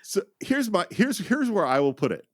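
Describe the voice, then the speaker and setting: A man's voice: high-pitched, very animated, normal speed, dry recording, studio quality. A man co-hosting a film podcast, chatting casually and enthusiastically about a movie. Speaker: podcast co-host.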